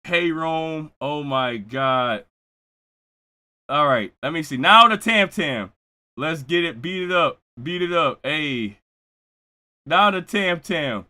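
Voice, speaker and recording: A man from Buffalo, New York, streaming live, hyping up his chat with loud, excitable shout-outs. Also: fairly high pitch, takes it slowly. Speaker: streamer reacting to music.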